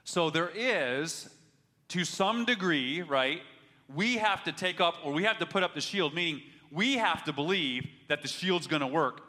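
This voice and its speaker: Bright-voiced preacher guy, pitch sits a bit high, long church echo around him. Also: lively intonation, unhurried. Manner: earnest preaching, rising in force when urging, with repeated restarts. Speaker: pastor. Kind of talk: sermon. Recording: long hall reverb.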